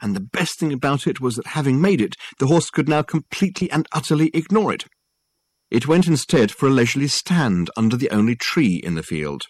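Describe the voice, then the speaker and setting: A man reading an audiobook aloud with wry, expressive storytelling. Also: medium pitch, brisk, dry recording. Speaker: audiobook narrator. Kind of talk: scripted narration.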